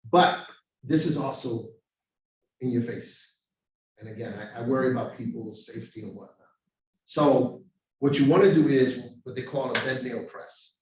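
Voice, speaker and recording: Man teaching in an echoey room. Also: mid-range voice. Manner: animated storytelling with acted street voices. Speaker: overdose prevention trainer. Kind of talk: live training talk. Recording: very echoey room, far from mic.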